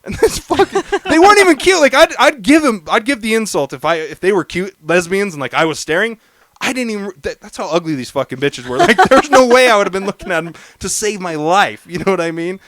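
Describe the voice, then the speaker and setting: A man's voice: high-pitched, sing-song, quick pace, fairly bright tone. A young man co-hosting a podcast, telling a story in casual, profane chat. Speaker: podcast co-host.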